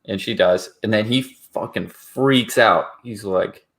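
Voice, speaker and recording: Low-voiced man, blunt and wry. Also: measured pace, hardly any pauses, fairly bright tone. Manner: blunt and wry, fills his talk with "like". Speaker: podcast co-host. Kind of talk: casual chat.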